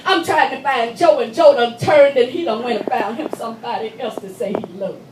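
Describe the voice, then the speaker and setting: A woman's voice: fairly high pitch, brisk, background noise. A woman performing a dramatic monologue in emphatic, conversational storytelling style at a church meeting. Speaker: stage performer. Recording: echoey hall, voice from a distance.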